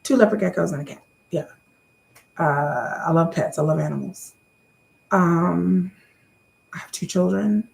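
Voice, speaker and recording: A woman's voice: on the low side, unhurried, gravelly, long pauses, a little mellow. A woman in her thirties doing a casual question-and-answer vlog to camera, chatty, often repeating words and calling viewers y'all.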